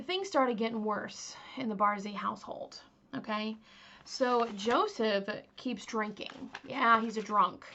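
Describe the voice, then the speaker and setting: A woman's voice: fairly high pitch, sharp tone, dull audio. A young woman casually telling a true crime story as host, chatty, with many fillers and asides to her viewers.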